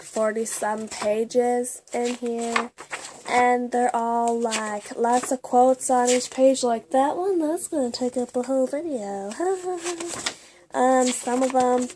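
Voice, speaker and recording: A young woman vlogging about her personal journal in a confessional, halting way, with many fillers and restarts. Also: a little high, background noise. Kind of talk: casual personal vlog.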